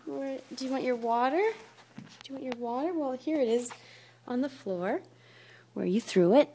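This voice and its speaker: A woman's voice: sits high, moderate pace, mellow, a little hiss or hum. A young woman talking to her one-year-old in coaxing, sing-song baby talk. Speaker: mother.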